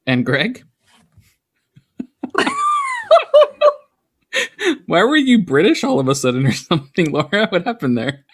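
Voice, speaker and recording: Lively, laughing male podcast host. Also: a little high, a little slow, long pauses. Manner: laughs often, repeats phrases. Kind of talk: casual chat.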